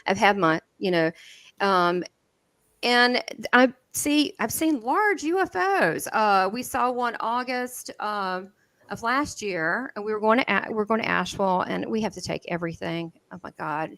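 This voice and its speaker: A woman's voice: mid-range voice, moderate pace, no echo. Southern lady telling stories on a video call, laughs a lot, dry close mic. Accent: Southern American. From southern United States. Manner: lively, laughs often, quotes dialogue with many restarts. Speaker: guest medium. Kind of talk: animated storytelling in an interview.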